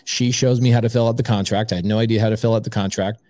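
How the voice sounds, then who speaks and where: A man's voice: lowish voice, racing, dry recording. A man guest on an interview podcast, telling a long personal story and acting out every side of the conversation. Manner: animated storyteller acting out both sides of a conversation. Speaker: podcast guest, real estate investor.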